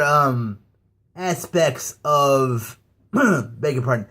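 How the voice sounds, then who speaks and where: A man ranting casually to his viewers about wrestling, halting and stammering with many fillers. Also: mid-range voice, a bit bright. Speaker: YouTube ranter. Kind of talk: casual rant to camera.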